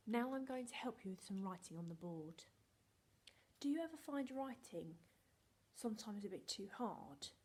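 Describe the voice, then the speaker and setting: A woman's voice: medium pitch, darkish tone, roomy sound. A young woman teaching phonics to young children, playful and encouraging, often dropping into whispers. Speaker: reception class teacher.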